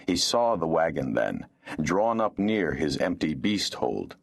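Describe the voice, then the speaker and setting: A male audiobook narrator with a very low, deep voice. His delivery moves lively up and down as he tells the story. It is scripted, expressive narration. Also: measured pace, creaky, slightly rough.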